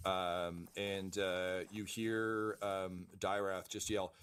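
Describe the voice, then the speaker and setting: A low-voiced man narrates a tabletop game as game master. He fills his descriptions with ums and uhs as he thinks on the fly. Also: level tone, slow pace, fairly bright tone, clear, resonant tone. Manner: hesitant, many ums and uhs.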